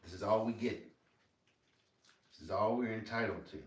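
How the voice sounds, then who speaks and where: A man's voice: on the low side, normal speed, echoey room. A man livestreaming, telling stories in a casual, rambling way, swearing freely and laughing as he talks. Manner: profane, laughing, rambling banter.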